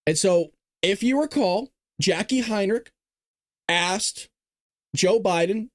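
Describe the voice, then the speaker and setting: A man hosting a live political commentary show, talking in an animated, sarcastic way with laughing asides. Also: high voice, normal speed, no room sound, clean studio sound. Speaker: host.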